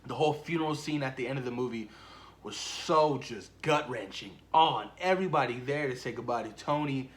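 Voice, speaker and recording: A young man in a casual, gushing film review who keeps repeating himself and trails off softly at the ends of lines. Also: medium pitch, fairly quick. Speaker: movie vlogger.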